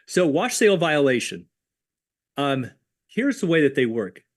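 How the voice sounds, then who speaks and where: A man co-hosting a livestreamed options lesson, explaining tax rules in a conversational way with worked examples. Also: medium pitch. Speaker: options educator co-host.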